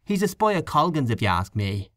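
A scornful, complaining male canvasser in a spoken storybook, as a man reads him. His pitch swings widely as he gossips and grumbles, and the recording is dry and close. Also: big pitch swings, fairly quick, fairly bright tone, no echo.

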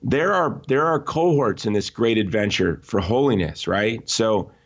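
A man being interviewed, telling stories in an animated, emphatic way with frequent restarts. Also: lowish voice, measured pace, lo-fi sound. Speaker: interview guest. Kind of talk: conversational podcast interview.

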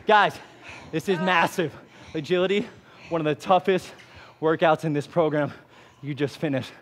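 A man coaching a follow-along workout, energetic, pushing and cheering the viewers on. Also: on the high side, normal speed, slight background noise. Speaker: fitness instructor.

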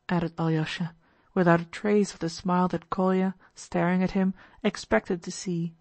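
A woman with a lowish voice narrating a classic novel audiobook. Her reading is measured and steady, and the recording is dry and close with no room sound. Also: no room sound. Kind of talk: scripted narration.

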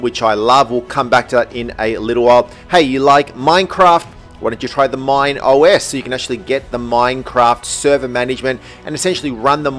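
Speaking at a medium pitch, an Australian man reviews a product for his tech YouTube channel. His energy is upbeat, animated, and full of enthusiasm.

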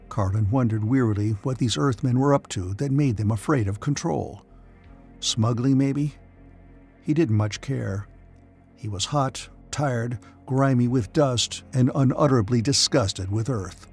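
Male narrator, husky voice, mid pitch, steady measured reading, faint music behind. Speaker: audiobook narrator. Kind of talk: scripted narration.

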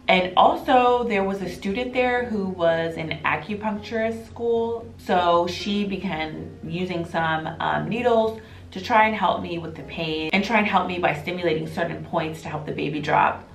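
A woman vlogger telling her own birth story to camera in an emotional, animated way, often quoting what people said. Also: fairly low pitch, normal speed. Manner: emotional, animated retelling with quoted voices. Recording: echoey room with faint music.

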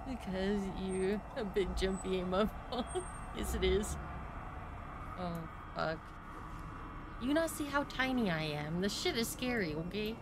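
A young woman streamer commenting on a horror game, excitable and swearing, laughing and yelping when scared. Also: mid-range voice, slow, long pauses, noisy background. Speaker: gaming streamer. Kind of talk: let's-play commentary.

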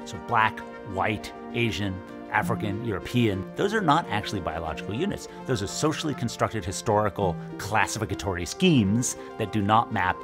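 A man's voice: on the low side, sing-song, normal speed. Academic guy explaining carefully, music playing under. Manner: precise, academic. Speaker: interviewed expert. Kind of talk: documentary interview.

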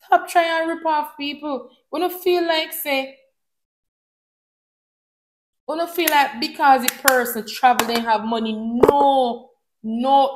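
A Jamaican woman chats through a storytime vlog, sliding between patois and English with animated energy. Her voice sits a little high for a woman. The room around her is echoey and hollow. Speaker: vlogger. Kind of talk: casual storytime chat.

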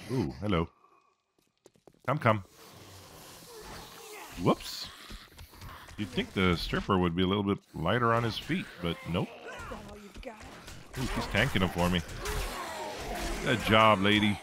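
A lower-pitched man talks through a survival game, his voice swinging widely between quiet mutters and sudden loud outbursts. He cracks jokes and curses as things go wrong. A faint hiss sits under the recording. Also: lively intonation, a little slow, long pauses. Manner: reactive, swears and jokes while fighting. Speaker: gameplay commentator. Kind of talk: let's-play commentary.

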